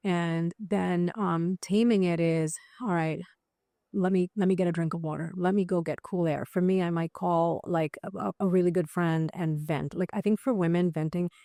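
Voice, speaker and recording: Interview guest: woman with a lowish voice, animated and conversational, dry close sound. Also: normal speed, dry recording. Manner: animated, with many restarts and fillers. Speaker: psychiatrist guest.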